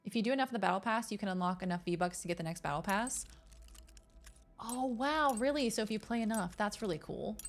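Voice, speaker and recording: A young adult woman streaming a game, chatting casually with her chat, excitable and easily rattled. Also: mid-range voice, brisk.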